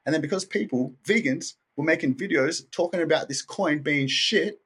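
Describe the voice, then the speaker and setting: A man's voice: fairly high pitch, normal speed, fairly bright tone, breathy edge. A man, the guest on a podcast interview, talking casually and with slang, telling his story with energy and acting out what other people said. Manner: casual and slangy, many "like" and "dude" fillers.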